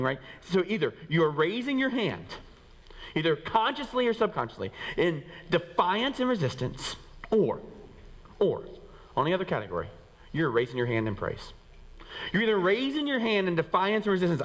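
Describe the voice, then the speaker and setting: A pastor preaching to his congregation at a rapid clip, lively and acting out what people say. His voice carries the long reverb of a church sanctuary. He swings his pitch up and down for emphasis. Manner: animated, acts out quoted voices, rises and drops in pitch. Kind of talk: sermon. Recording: reverberant hall.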